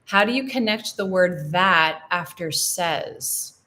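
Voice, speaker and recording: A young American woman hosts a live English lesson and answers questions from a chat. Her voice sits on the low side, and she repeats example phrases patiently and clearly. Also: expressive, pushed and bright. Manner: friendly, explains slowly, repeats example phrases. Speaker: English teacher.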